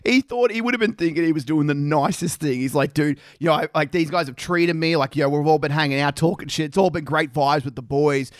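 A man's voice: a little high, fairly quick, few pauses, dry recording, studio quality. A young man, bantering and joking in a casual podcast chat, swearing and laughing often. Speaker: podcast co-host.

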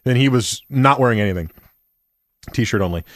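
A young man in casual conversation, telling an animated story and acting out what his friends said. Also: medium pitch, normal speed, dry recording. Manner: animated storyteller, acts out quotes.

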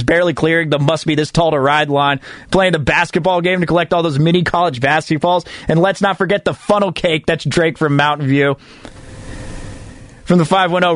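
A man hosting a sports radio show, reciting a mock-dramatic ode in slow, solemn tones and laughing at himself. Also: high-pitched, fairly bright tone. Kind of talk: mock slam-poetry ode, then reading listener texts.

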